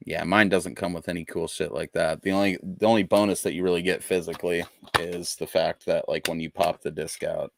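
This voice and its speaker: Low gravelly man, laid-back podcast chat. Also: flat delivery, brisk. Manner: laid-back, rambling, swears freely. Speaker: podcast co-host. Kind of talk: casual chat.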